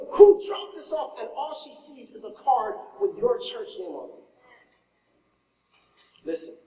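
A male pastor preaching a sermon, telling a story with lively swings from loud exclamations to hushed asides. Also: sits high. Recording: echoey hall, mic from far off.

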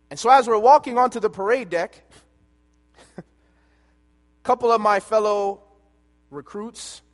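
Man, preacher, slightly high voice, animated storytelling, long hall echo. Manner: animated storyteller, swings between loud and hushed. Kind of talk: sermon storytelling.

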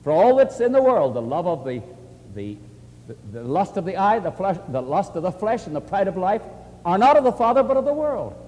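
A man preaching and answering questions, earnest and animated, often quoting scripture. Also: high-pitched, fairly quick, big-room sound, slight background noise. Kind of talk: sermon-style question and answer.

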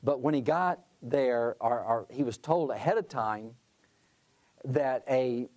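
A man's voice: mid-range voice, slow pace, darkish tone. A middle-aged man talking about leadership in a conversational way, telling a story with asides and restarts. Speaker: conference president speaking on leadership.

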